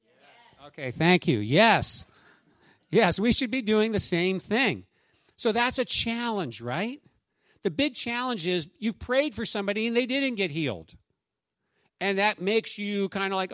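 Male pastor, high voice, close dry sound, reads scripture then preaches conversationally. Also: sing-song, normal speed, fairly bright tone, no echo. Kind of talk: sermon.

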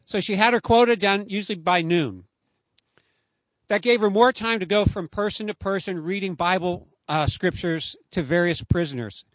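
A man preaching outdoors in a high, clear voice, earnest and emphatic as he builds each point. The sound is close and dry, with no room around it. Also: normal speed, no room sound. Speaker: pastor. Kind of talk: sermon.

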